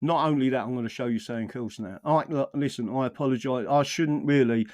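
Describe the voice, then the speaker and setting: An English political commentator launches into a furious, expletive-laden political rant, stumbling and restarting his sentences. His voice is medium in pitch with a darkish tone, and he talks at a quick pace.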